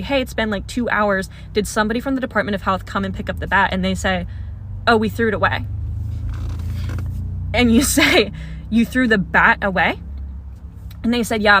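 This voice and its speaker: Bright-voiced young woman telling a story. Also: medium pitch, a little hiss or hum. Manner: second-person telling, frequent laughs. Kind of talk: casual storytime narration.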